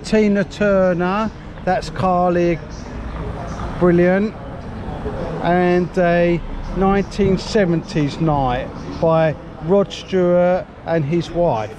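Slow-talking man on a street walk. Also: sits high, steady tone. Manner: chatty, upbeat, keeps addressing viewers as guys. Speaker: vlogger giving a walking tour. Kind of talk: casual walking-tour commentary. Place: outdoor resort street with traffic. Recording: clear street traffic noise behind.

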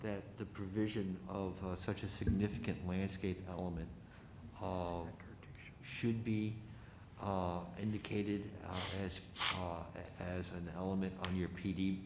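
Man, low voice, commission member, formal questions, echoey room, faint hiss. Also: flat delivery, a little slow. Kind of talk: public meeting questioning.

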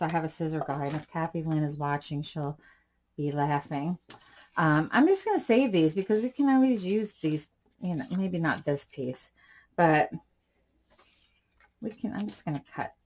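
A woman's voice: deep voice, darkish tone. A woman hosting a casual crafting tutorial, talking in a chatty, rambling way with side stories while she works. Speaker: craft channel host.

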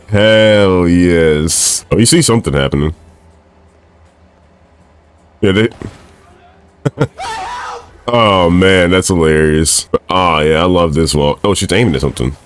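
A young man casually commentating his own gameplay, excitable and swearing at the screen. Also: low voice, takes it slowly, long pauses, smooth. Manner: excitable, swears and laughs often, talks to the screen. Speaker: gaming streamer. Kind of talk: let's play commentary.

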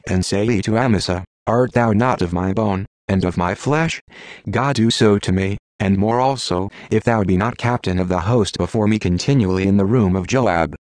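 A man giving a steady, measured audiobook reading of archaic scripture. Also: lowish voice, dry recording. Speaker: scripture reader.

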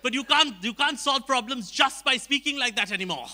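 Man, stand-up comic, very high and bright, teasing crowd work. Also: lively intonation. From Calcutta, India. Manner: teasing crowd work, quick jabs at the audience. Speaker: stand-up comedian at an awards ceremony. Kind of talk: stand-up comedy. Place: large auditorium stage.

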